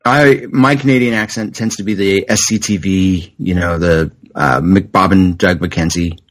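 Low-voiced man chatting on a podcast. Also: steady tone, moderate pace, rough recording. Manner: rambling, chatty, with restarts. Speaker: podcast host. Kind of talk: casual chat.

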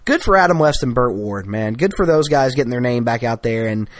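A man's voice: medium pitch, animated, fairly quick, dry recording. A man co-hosting a podcast, chatting casually and enthusiastically, often restarting his sentences. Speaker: podcast co-host. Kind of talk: casual chat.

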